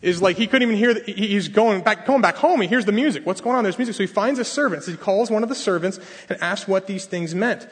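A man delivers a sermon in an animated storytelling manner, jumping into the characters' voices as he retells the story. His voice sits a little high and slightly husky. The sound carries a long hall reverb. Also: quick pace, few pauses. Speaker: pastor.

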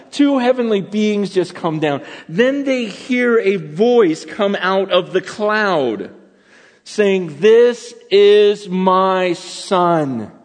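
A middle-aged man preaching a sermon as pastor, telling the story in an animated way that swings from loud to hushed. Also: on the high side. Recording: long reverb of a large hall.

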